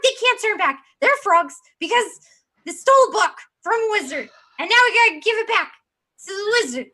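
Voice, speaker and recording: High, lively woman player. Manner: lively and giggly, talking fast in character. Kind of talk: tabletop role-play chat.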